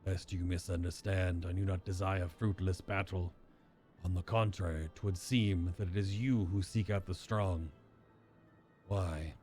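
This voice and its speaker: A man voicing a brooding male armored villain in a low, hushed, measured way. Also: fairly even intonation, soft background music. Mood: grave.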